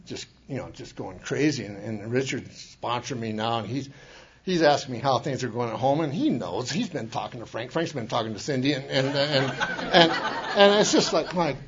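A man's voice: medium pitch, animated, moderate pace, dull audio, slight background noise. A man giving a rambling, self-mocking testimony at a recovery meeting. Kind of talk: personal testimony talk.

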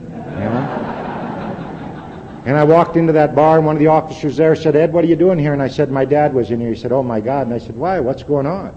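A man in his fifties sharing a personal testimony at a recovery meeting, earnest and folksy, dropping to a quiet intensity at times. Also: medium pitch, fairly quick. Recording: dull lo-fi hall recording with faint hiss.

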